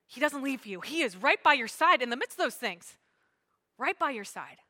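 A woman pastor preaching a sermon, swinging between loud emphatic lines and hushed asides. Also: sits high, very animated, normal speed.

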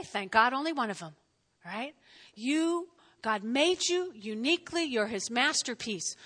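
A middle-aged woman pastor delivers a sermon in a chatty, animated way, pausing often to check in with her listeners. Her voice sits high and sounds bright and forceful. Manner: lively, conversational preaching with frequent "all right?" check-ins.

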